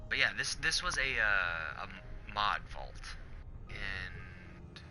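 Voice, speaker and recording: A man's voice: sits low, expressive, extremely slow, pushed and bright, soft background music. A man chatting casually over gameplay, profane and rambling, swearing and joking. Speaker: gamer.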